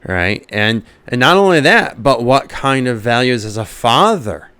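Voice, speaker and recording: A man's voice: medium pitch, big pitch swings, a little slow, pushed and bright, clean tone, no echo. A man, a comedian, telling a comic story as a monologue and laughing often at his own jokes.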